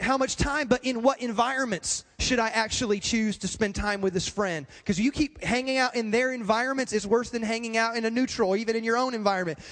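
A man's voice: very high voice, a bit bright, big-room sound. A male pastor preaching a sermon in an emphatic, repetitive way, speaking straight to the congregation.

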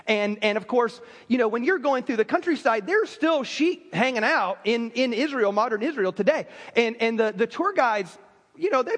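High-voiced preacher in a reverberant hall. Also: male voice. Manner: animated, conversational preaching with frequent fillers. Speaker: pastor. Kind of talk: sermon.

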